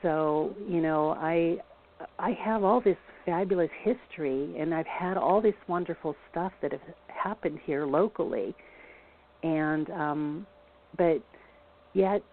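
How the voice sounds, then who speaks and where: A woman's voice: low voice, takes it slowly, a little hiss or hum. A woman local historian telling a story in a rambling, casual way, full of restarts. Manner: rambling, many restarts and fillers. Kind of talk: casual storytelling on a phone-in show. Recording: tinny phone line.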